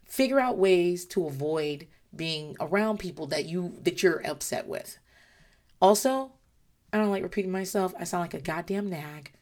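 A woman's voice: fairly low pitch, moderate pace, a little mellow. A woman in her thirties, a parent giving blunt, frank advice in casual chat, with a voice that is wearing out. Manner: blunt, frank, swears freely.

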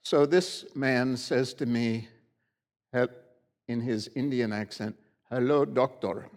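A man's voice: medium pitch, steady tone, slow pace, a little mellow. A middle-aged man preaching a sermon in a church, in a conversational, folksy storytelling way. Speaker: pastor. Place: church sanctuary.

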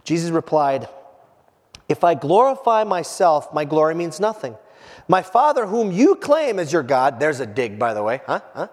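Animated male pastor, high voice, long hall echo. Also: moderate pace. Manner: animated, acts out the quoted voices. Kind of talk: sermon. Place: church. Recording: hall reverb.

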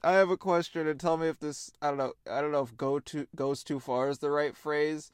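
A man co-hosting a casual podcast chat, animated and laughing, with frequent swearing and quick asides. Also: a little high, clear, resonant tone, no echo, clean studio sound. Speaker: podcast co-host.

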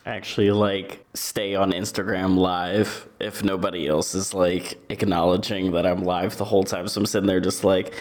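Chatty low-voiced male player. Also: little pitch movement, normal speed, few pauses. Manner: laughing, chatty. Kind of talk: tabletop role-play chat.

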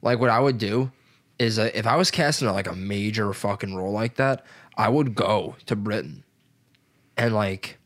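A man's voice: lowish voice, moderate pace, fairly bright tone. A man in his twenties chatting casually, rambling with lots of filler words and swearing. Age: 20s. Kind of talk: casual chat.

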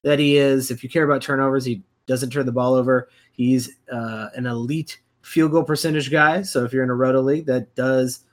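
A man's voice: medium pitch, fairly even intonation, fairly quick, hardly any pauses. A man co-hosting a fantasy basketball podcast, talking casually and emphatically, repeating his points with plenty of fillers. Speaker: podcast co-host.

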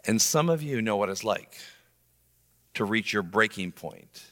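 Animated male preacher in a reverberant hall. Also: a little slow. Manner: animated, swings between loud emphasis and soft low asides. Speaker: pastor. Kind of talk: sermon. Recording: long reverb of a large room.

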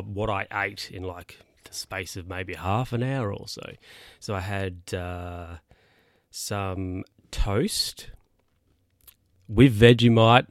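A podcast host with a lowish voice delivers a casual solo monologue, rambling in a chatty way and often correcting himself mid-sentence. The recording is studio quality with no room sound.

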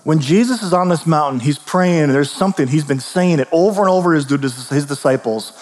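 A man preaching a sermon as pastor, casual and storytelling, tossing in quick asides and questions to the listeners. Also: a little high, a little mellow. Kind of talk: conversational sermon. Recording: long reverb of a large hall.

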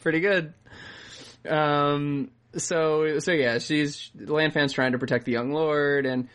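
A man's voice: a little high, fairly even intonation, slow, fairly bright tone, clean tone. A man co-hosting a casual recap podcast, rambling and cracking dry, profane jokes. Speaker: podcast co-host.

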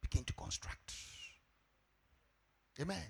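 A middle-aged Ghanaian pastor, speaking at a slow pace, preaches a sermon. He tells a story with animated delivery, shouting for emphasis.

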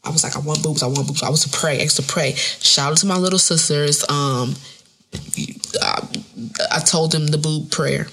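A woman in her thirties, a podcast host, telling a funny story in casual, animated, profane speech with AAVE. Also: deep voice, moderate pace, creaky, a little hiss or hum. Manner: animated, profane, laughs often.

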